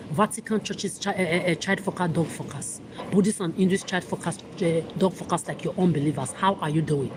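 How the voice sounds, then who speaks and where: A woman's voice: lowish voice, background noise. A woman vlogger delivering an angry, accusatory monologue to camera in a ranting, contemptuous manner.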